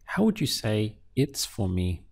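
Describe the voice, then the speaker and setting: A man's voice: lowish voice, sing-song, a little slow, vocal fry, slightly rough. A man teaching a beginner language lesson, patiently prompting the learner and then giving each answer. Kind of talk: slow instructional lesson.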